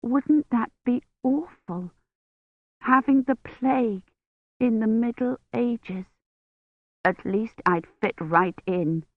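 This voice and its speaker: A woman's voice: mid-range voice, measured pace, no echo. A woman reading an audiobook voices a young woman shivering with fever, her speech unsteady and pleading, recorded on tinny, dry phone-like audio. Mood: anxious joking. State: teeth chattering, feverish.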